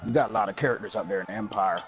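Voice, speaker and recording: A man doing deadpan, bantering co-commentary over a video game wrestling match. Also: on the low side, racing, some chatter behind. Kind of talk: jokey role-play commentary. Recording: dull lo-fi mic.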